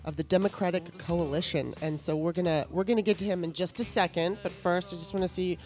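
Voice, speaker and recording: Chatty woman podcast host, low voice. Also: steady tone, fast, a little mellow, faint music behind. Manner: chatty, laughs often, many fillers. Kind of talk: casual political talk show.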